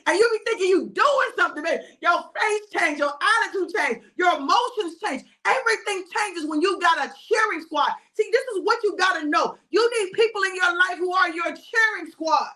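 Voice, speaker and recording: A woman minister giving a fervent, repetitive exhortation, often shouting, with chatty asides in between. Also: very high-pitched, lively intonation, normal speed, hardly any pauses.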